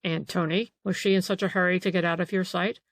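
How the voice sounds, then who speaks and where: A woman voicing a calm male police detective in an audiobook, pressing with questions. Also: on the low side, fast talker, vocal fry, no room sound. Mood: probing. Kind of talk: audiobook character reading.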